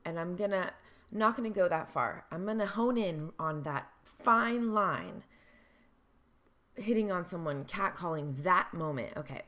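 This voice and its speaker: A young woman vlogging to camera in a casual, earnest way, mixing emphatic bursts with slow, careful phrasing and the odd swear. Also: fairly low pitch, expressive, sharp tone.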